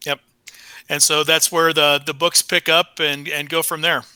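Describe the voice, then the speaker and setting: A man's voice: a little high, flat delivery, moderate pace, pushed and bright, clear, resonant tone, no room sound. A man, an author, explaining a setting steadily in an interview.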